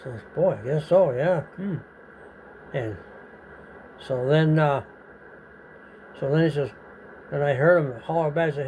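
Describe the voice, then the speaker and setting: A man's voice: a little high, measured pace, pauses often, a little mellow, a little hiss or hum, rough recording. An older man telling a casual story, rambling and profane, acting out the voices of people in it.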